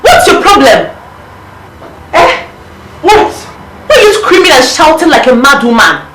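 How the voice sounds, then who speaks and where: Bossy, scolding young woman, Nigerian accent, animated delivery, echoey noisy room. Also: fairly high pitch, moderate pace, distant mic. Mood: exasperated. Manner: scolding, exasperated. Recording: roomy, noisy room sound.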